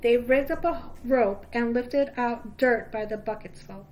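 A woman teacher reads a children's novel aloud in a steady, clear storytelling voice. Her pitch sits fairly high. A faint hiss runs under the recording. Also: a little slow, hardly any pauses. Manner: steady, clear storytelling with occasional small slips. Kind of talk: children's book read-aloud.

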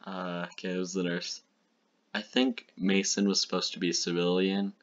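A man's voice: low voice, completely flat delivery, moderate pace, dull audio, heavy background noise. A young man rambling and poking fun at his own old short films as a video host. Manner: rambling, self-mocking. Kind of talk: reaction commentary.

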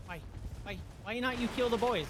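A man streaming a video game, commentating live, excitable and yelping and swearing at the action. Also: extremely high pitch, moderate pace, over loud music.

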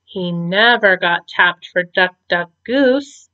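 A woman teacher reading a picture book aloud to children in a slow, expressive storytelling manner. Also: lowish voice, highs cut off.

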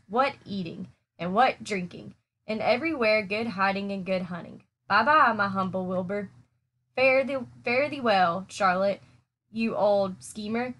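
A woman's voice: mid-range voice, a bit bright, close to an everyday voice. A woman voicing a sneering, greedy male rat in a storybook read-aloud, speaking with smug self-satisfaction.

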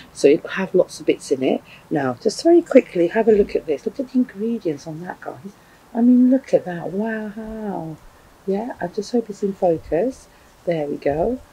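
A man's voice: sits high, vocal fry, mellow, breathy edge, low-quality recording. A man reviewing chilli pickles in a vlog, gushing and effusive with repeated exclamations. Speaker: food reviewer. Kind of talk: enthusiastic product review vlog.

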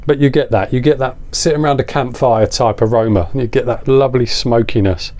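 A man's voice: mid-range voice, a little fast, darkish tone. A man, a little out of breath, chatting casually and enthusiastically as he reviews a beer on camera.

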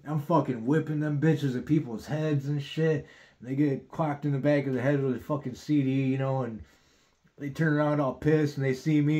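A man's voice: fairly high pitch, steady tone, moderate pace, warm tone. A man, hosting a podcast and telling a long rambling story, swearing often and saying "dude" constantly. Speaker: podcast host. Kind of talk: casual storytelling monologue.

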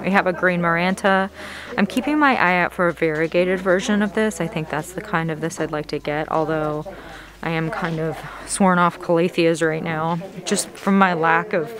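Gushing woman browsing a plant nursery. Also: lowish voice. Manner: gushing, excitable, narrating as she browses. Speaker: plant vlogger. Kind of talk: casual shopping vlog narration.

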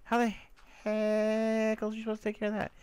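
A young man giving excitable, cursing gameplay commentary and talking to himself as he plays. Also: sits high, moderate pace, clean tone. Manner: excitable, swearing, talks to himself and the mobs. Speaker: let's player.

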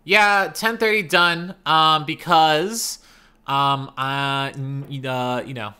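A man's voice: a little high, fairly even intonation, takes it slowly, sharp tone, clean tone. A man streaming a video game, grumbling and sarcastic as he plays and signs off. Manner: frustrated, sarcastic, swearing. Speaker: gaming streamer. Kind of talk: let's play commentary.

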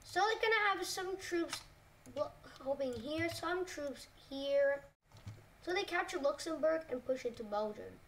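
A high-pitched woman talks through a map scenario in loose, casual narration. She hesitates a lot, fills gaps with little words and corrects herself mid-sentence. She sits well away from the mic, with a faint hiss behind her. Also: animated, measured pace, far from the mic. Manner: hesitant, full of "like" and self-corrections.

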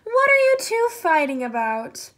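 A woman doing a calm, wise storybook elephant. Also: very high voice, measured pace, voice pushed up, exaggerated voice.

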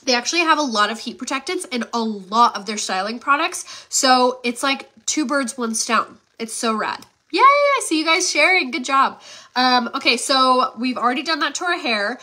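A woman's voice: a little high, moderate pace, hardly any pauses, sharp tone. A congested woman in her thirties hosting a live beauty demo and giveaway, chatty and upbeat with lots of fillers. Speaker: beauty livestream host.

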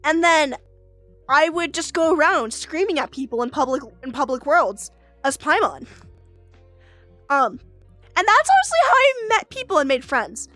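A giggly young woman chats casually on her livestream, her voice pitched high and swinging lively up and down. She sits close to a dry mic with faint music under her. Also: moderate pace, pauses often, no room sound. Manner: giggly, exclaims a lot. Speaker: streamer.

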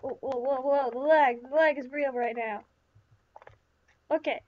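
A woman's voice: high-pitched, steady tone, measured pace, dull audio. A woman giving chatty, rambling let's-play commentary, talking to herself with lots of fillers. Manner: rambling, chatty self-talk with many fillers. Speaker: gaming channel host.

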